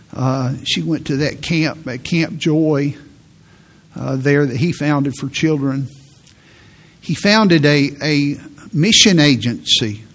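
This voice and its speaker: A man in his sixties preaching a sermon to a congregation, telling a story in a halting way and often repeating his words. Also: on the high side. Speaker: pastor.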